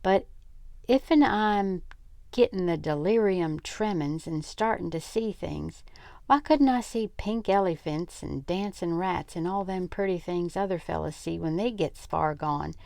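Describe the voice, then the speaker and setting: Woman doing a gruff Texas cowboy. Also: on the low side, a little slow, no room sound. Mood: self-pitying. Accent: Texas (as put on). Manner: shouting, drawling, rough grammar. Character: tiny drunk cowboy, gruff, bitter, self-pitying.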